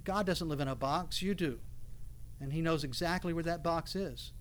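Mężczyzna, pastor wygłaszający kazanie z zapałem. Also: male voice, fairly high pitch, normal speed, a little hiss or hum. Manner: preaching with rising passionate outbursts, quoting scripture. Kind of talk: sermon.

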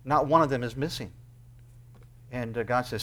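A male pastor preaching an earnest sermon, with emphatic rises and quick bursts between quieter explanations. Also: medium pitch.

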